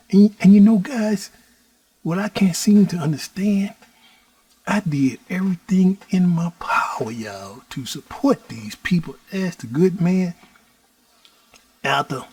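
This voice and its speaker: A middle-aged man from Houston, Texas, telling his own story as host in a slow preaching cadence that keeps addressing the listeners as "y'all". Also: a little high, darkish tone, breathy edge, no room sound. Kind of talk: personal storytelling monologue.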